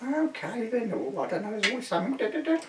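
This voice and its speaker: A man voicing a flustered elderly woman on the phone, shrill and fussing. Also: sing-song, fast talker. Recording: roomy, distant mic, faint hiss.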